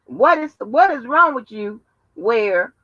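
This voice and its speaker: A woman rants to her livestream viewers in a profane, emphatic way, her voice swinging widely between high and low. Her tone is bright and forceful. The sound is dry and dull, like lo-fi stream audio. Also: takes it slowly, no echo. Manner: animated, profane, emphatic storytelling. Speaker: livestream host. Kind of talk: casual livestream rant.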